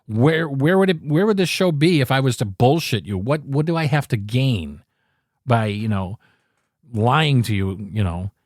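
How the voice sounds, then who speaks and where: A man in his fifties talks straight into the mic, blunt and swearing freely as he hosts his own show. His voice sits at an ordinary middle pitch, and the sound is close and dry with no room echo. He pushes hard on his points and often restarts a phrase midway. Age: 50s. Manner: candid, profane, emphatic, with frequent restarts. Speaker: podcast host. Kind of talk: blunt opinion monologue.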